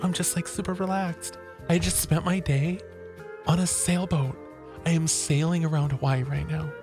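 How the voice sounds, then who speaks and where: A podcast co-host voicing a super-relaxed man on a tropical holiday, talking in a soft, drawling, sing-song way. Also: on the high side, moderate pace, over music, pitched above the performer's own voice, lightly acted. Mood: blissed-out.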